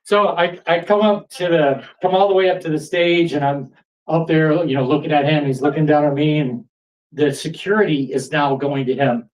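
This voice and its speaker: Excitable man telling a story on stage. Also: a little high, normal speed, distant mic, a little hiss or hum, low-quality recording. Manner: animated, builds excitement. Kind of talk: live storytelling. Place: pub stage before an audience.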